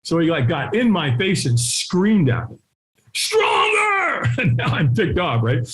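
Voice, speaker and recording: A middle-aged man telling a story as an interview guest, acting out the voices of people in it and sometimes shouting. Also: a little high, sing-song, normal speed. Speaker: guest, firewalking instructor. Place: his home.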